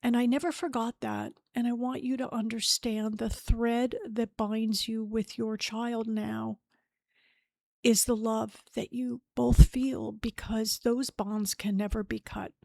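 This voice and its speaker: A woman's voice: on the high side, little pitch movement, takes it slowly, creaky, mellow, no echo. A middle-aged woman hosting a personal grief podcast, speaking in an earnest, heartfelt, openly emotional way. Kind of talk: personal spiritual grief talk.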